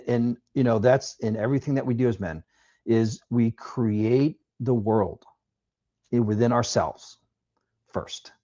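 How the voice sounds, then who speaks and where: Husky low-voiced reflective man, dull sound. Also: darkish tone. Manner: measured, reflective advice-giving. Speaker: former police officer guest. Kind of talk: podcast interview.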